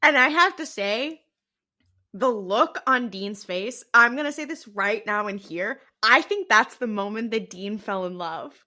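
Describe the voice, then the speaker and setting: A young woman with a high, bright voice chats as a podcast co-host. She is giggly and excitable and keeps quoting the characters as she reacts to each scene. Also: measured pace. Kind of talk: casual rewatch podcast chat.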